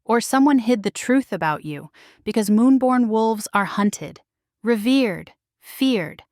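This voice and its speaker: A powerful, protective werewolf alpha of a romance story speaks low and firm, as a woman narrator reads him. The lines come slowly and evenly, in a dry, close sound with no room around them. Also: animated, dry recording. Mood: tender. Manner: low, quiet, firm delivery.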